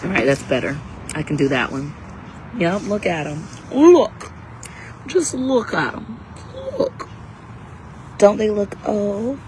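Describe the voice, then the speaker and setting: A woman's voice: mid-range voice, expressive, takes it slowly, pauses often, a little mellow, a little hiss or hum, rough recording. Brash, hyped woman selling live. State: under the weather. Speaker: live-stream seller and coach. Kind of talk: casual livestream sales talk.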